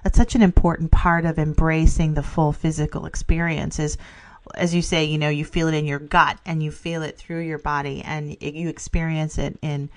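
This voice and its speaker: A woman's voice: low voice, level tone, normal speed. A middle-aged woman co-hosting a casual spiritual podcast, enthusiastic, laughing often and filling with "you know". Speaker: podcast co-host.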